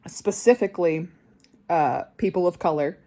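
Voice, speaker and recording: A woman's voice: on the low side, normal speed, warm tone. A young woman vlogger delivering an angry personal rant, swearing constantly and getting more heated.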